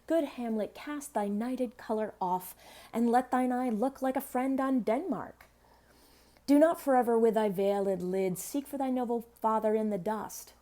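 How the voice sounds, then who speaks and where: A woman reading the verse of a widowed queen gently coaxing her grieving son, measured and calm. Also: on the high side, natural voice.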